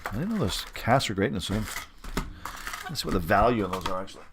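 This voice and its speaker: A middle-aged man from Western Canada, casually commenting as host of a live sports card break and reading out each card with quick upbeat reactions. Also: on the low side, animated, very noisy. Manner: chatty, rambling, reads out cards with quick upbeat reactions.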